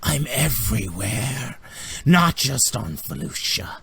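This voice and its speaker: A man voicing a menacing spore-infested mother in a tabletop game, speaking slowly and low. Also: big pitch swings, creaky, a bit bright, exaggerated voice.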